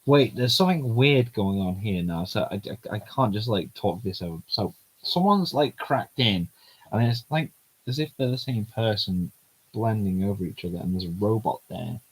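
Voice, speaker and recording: A man's voice: fairly low pitch, lively intonation, moderate pace, slightly rough, low-quality recording. A man streaming himself reading a manga aloud, chatty and giggly, in casual commentary.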